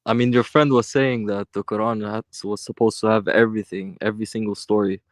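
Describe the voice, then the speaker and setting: A man joining a live debate as a caller, speaking in a hesitant, halting way. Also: lowish voice, fairly even intonation, no echo, studio quality.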